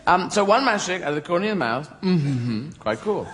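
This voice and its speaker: A man's voice: sits high, very animated, brisk. A man doing stand-up comedy. He rambles through surreal tangents, keeps losing his thread and laughs at his own jokes. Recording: live stand-up with loud background noise.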